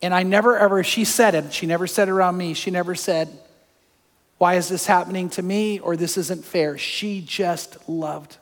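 A pastor preaching a sermon, telling personal stories that move from hushed to fervent. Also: male voice, high voice, fairly even intonation, moderate pace, in a large hall.

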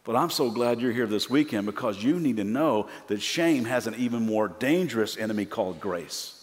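Emphatic preacher in a reverberant hall. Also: male voice, mid-range voice, lively intonation, moderate pace, hardly any pauses. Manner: emphatic, rhythmic contrasts building in force. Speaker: pastor. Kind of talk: sermon.

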